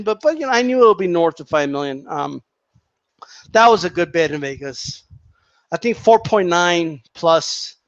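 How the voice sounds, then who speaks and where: A man with a high voice rants to his viewers, heated and mocking, swearing freely and hammering his points through repetition. The sound is dull and lo-fi. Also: no room sound. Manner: heated, profane, mocking, repeats himself. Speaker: boxing commentator vlogger. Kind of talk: casual rant to viewers.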